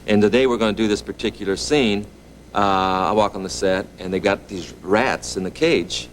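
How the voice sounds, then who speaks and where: A middle-aged man, a talk show guest, telling a long anecdote in a relaxed, chuckling way. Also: lowish voice, moderate pace, poor audio. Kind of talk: anecdotal storytelling. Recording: TV studio with audience noise.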